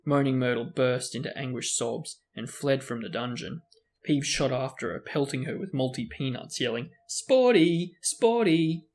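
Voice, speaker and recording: A man reads a novel aloud in steady narration. His voice sits at an ordinary mid pitch. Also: moderate pace. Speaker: book reader. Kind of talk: storybook reading aloud.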